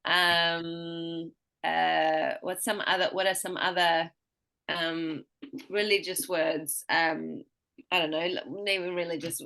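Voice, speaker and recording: A pronunciation teacher with a bright, forward voice gives a one-on-one lesson, drawing out example words slowly and clearly for her student to copy. Her voice sits lowish and her tone stays level as she returns to explaining at an easy, patient pace.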